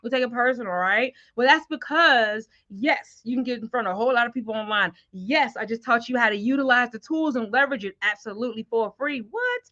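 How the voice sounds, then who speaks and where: A middle-aged woman runs a live sales training, speaking in an animated, slangy way straight to her audience. Her voice sits high and sounds bright. The audio comes through slightly muffled, like an online stream. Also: fairly quick, hardly any pauses.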